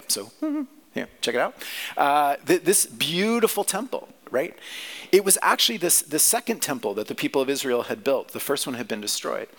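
Lively conversational male preacher. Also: mid-range voice. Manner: conversational, asks the listeners questions. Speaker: pastor. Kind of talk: sermon teaching on scripture.

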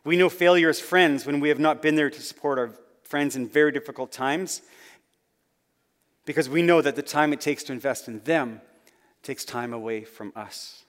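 A man preaching a sermon as a pastor, earnest, his phrases rising and then falling to soft, low endings. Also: moderate pace, big-room sound.

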